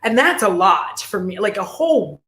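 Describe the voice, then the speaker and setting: A woman's voice: mid-range voice, sing-song, moderate pace, a bit bright, slight background noise. Giggly rambling woman on a live stream, lots of likes and ums, echoey room. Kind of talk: casual livestream chat.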